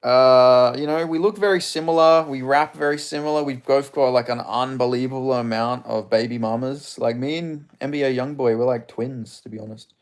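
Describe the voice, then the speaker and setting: A man's voice: mid-range voice, moderate pace, hardly any pauses. Young Australian male streamer, crude and rambling, casual chat delivery, mid-range voice. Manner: crude, joking, rambling, reads chat questions aloud. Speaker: livestream host reading chat.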